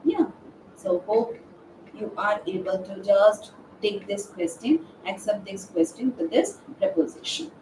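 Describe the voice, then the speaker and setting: Far from the microphone in an echoey room with faint background noise, a woman with a medium-pitched voice gives a live webinar grammar lesson as a verbal aptitude trainer. Animated yet unhurried, she asks the class questions and answers them herself, hesitating with many "uh" fillers and restarts.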